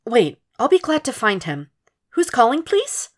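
A woman voicing a brisk female office secretary who answers the phone with polite formality. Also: a little high, huge pitch swings, pitched above the performer's own voice, full character voice.

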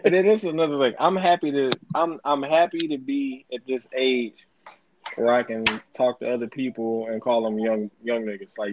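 A man of middle pitch talks in relaxed podcast banter, boasting and insisting on his point while swearing freely. The recording sounds a little dull. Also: normal speed, background noise. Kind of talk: casual chat.

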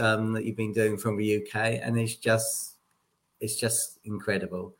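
A man's voice: fairly low pitch, fairly even intonation, moderate pace, fairly bright tone, poor audio. A man hosting an interview podcast, chatting conversationally and telling anecdotes. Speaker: podcast host. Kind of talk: casual interview chat.

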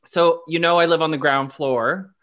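A podcast co-host tells rambling personal stories in a playful, self-deprecating way, laughing as he goes in casual chat. His voice is fairly high and fairly bright, at a moderate pace with fairly even intonation.

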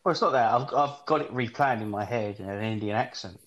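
Crude laughing English bloke telling stories. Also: male voice, lowish voice, a little fast, low-quality recording. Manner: animated storytelling, swears a lot, laughs at own jokes. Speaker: podcast co-host. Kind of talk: crude comedic casual chat.

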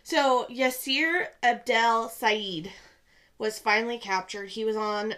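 A young woman co-hosting a podcast in casual chat, rambling with lots of "like" and swinging between excited bursts and quiet asides. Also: fairly high pitch, slow pace. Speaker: podcast co-host.

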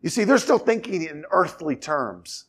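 Lively expository preaching pastor, man. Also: a little high, moderate pace, husky. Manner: expository preacher, reads scripture aloud and acts out dialogue in asides; conversational, rhetorical questions. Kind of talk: sermon.

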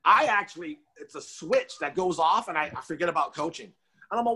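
A husky man with a fairly high voice talks in casual chat, swinging his pitch widely as he acts out what he tells the kids. He is a youth coach, lively and expressive. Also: fast talker. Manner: animated, acts out kids and himself in quoted dialogue.

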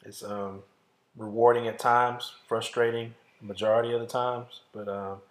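A man's voice: mid-range voice, level tone, moderate pace, roomy sound. A man co-hosting a casual chat, making dry, joking asides. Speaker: podcast co-host.

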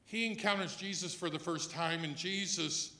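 Man preaching, church sermon, fairly high voice, hushed then loud, acts out quotes. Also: normal speed. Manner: swings between hushed and loud emphasis; acts out quoted lines for listeners. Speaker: pastor. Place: church hall.

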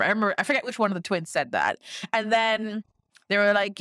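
A woman's voice: mid-range voice, animated, fast, pushed and bright, no room sound, studio quality. A young adult woman co-hosting a podcast, giving wry, incredulous commentary on a reality show and quoting the cast. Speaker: podcast co-host. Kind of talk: casual recap chat.

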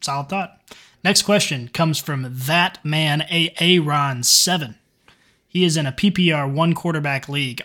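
A man's voice: fairly high pitch, measured pace, bright, forceful tone. A young man co-hosting a podcast, reading listener questions and cracking jokes in casual chat. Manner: joking, reads listener questions. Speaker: podcast co-host.

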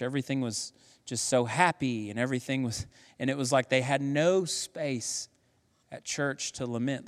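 A man preaching a sermon as a pastor in a church sanctuary, emphatic, building from hushed passages to excited, punchy delivery. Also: mid-range voice. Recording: long hall reverb.

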